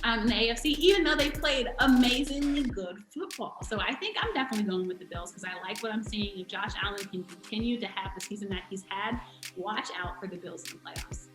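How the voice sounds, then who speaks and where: A woman from the DC area giving an animated, emphatic sports breakdown in casual talk. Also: medium pitch, quick pace, reverberant, over music, poor audio. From DMV area, US. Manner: animated, emphatic, laughs often. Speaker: guest sports analyst.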